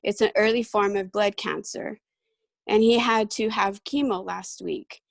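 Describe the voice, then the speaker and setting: A middle-aged woman sharing a personal testimony on a video call, halting and emotional, with frequent ums. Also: medium pitch, dry recording. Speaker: guest speaker.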